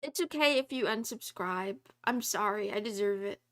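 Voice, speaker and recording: This time the streamer's voice is medium in pitch and a bit bright, at a moderate pace. She chats casually with her audience, reads out their messages, giggles a lot, jokingly runs herself down and adds little meows.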